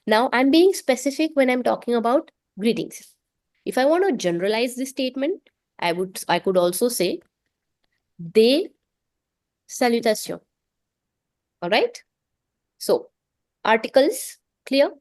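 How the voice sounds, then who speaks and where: A woman teaching French in an online class, explaining things patiently and repeating words slowly so that students can say them after her. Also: on the high side, animated, darkish tone, no room sound. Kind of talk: online language lesson.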